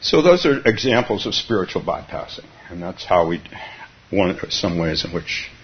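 Musing aloud through a dharma talk, this Californian Zen teacher keeps chuckling and starting sentences over. He speaks at a moderate pace in a low, sing-song voice with a breathy edge, and the recording is dull and lo-fi.

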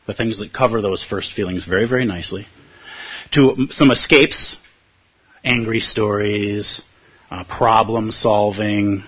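A man with a husky voice giving a reflective teaching talk, telling a personal story and often checking in with his listeners. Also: medium pitch. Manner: thoughtful, often checks in with "right?". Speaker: meditation teacher. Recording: dull lo-fi recording.

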